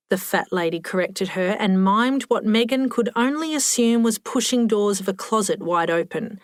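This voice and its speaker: A woman narrating an audiobook with a wry, expressive reading, close to the mic. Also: mid-range voice, moderate pace, hardly any pauses, dry recording. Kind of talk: scripted narration.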